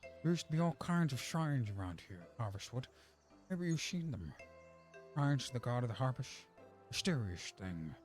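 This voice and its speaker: A man's voice: mid-range voice, big pitch swings, moderate pace, darkish tone, faint music behind, pitched below the performer's own voice, close to an everyday voice. A man voicing a folksy old village man who rambles through a story, reading game dialogue aloud with a drawl.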